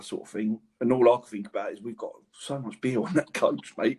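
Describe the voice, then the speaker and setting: A man's voice: fairly low pitch, a little fast, gravelly. A man, a former footballer, telling slangy anecdotes on a podcast in a casual chat. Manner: animated anecdotes, laughs through stories, slangy.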